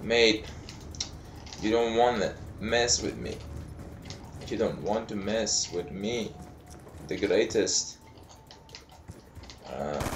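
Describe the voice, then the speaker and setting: Foul-mouthed young man yelling over gunfire. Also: lowish voice, background noise. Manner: foul-mouthed trash talk, bursts of yelling. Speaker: gaming commentator. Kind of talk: live gameplay commentary. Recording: roomy sound with game gunfire. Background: video game gunfire.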